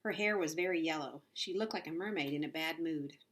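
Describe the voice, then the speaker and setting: A woman reading a children's novel aloud in an unhurried storytelling manner, with small slips. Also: sits low. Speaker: audiobook reader.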